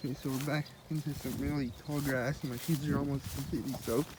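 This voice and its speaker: A man's voice: medium pitch, steady tone, fast, few pauses, background noise. Man rambling to himself on a walk. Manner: rambling, self-amused, talks to himself. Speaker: vlogger. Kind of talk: casual outdoor vlog narration. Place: outdoors in wet grass and woods.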